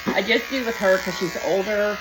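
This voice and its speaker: Over the buzz of electric clippers, a woman grooming dogs chats casually through her vlog and drifts into baby talk with the dog. Her voice is medium-pitched at a normal pace, and the recording is very noisy.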